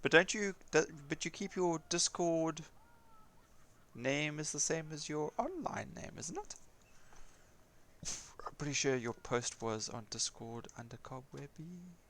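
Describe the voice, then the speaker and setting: A man's voice: a little high, lively intonation, a little slow, fairly bright tone, a little hiss or hum. A man chatting casually while gaming, a rambling storyteller who chuckles often, with a non-American English accent. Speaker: gaming streamer.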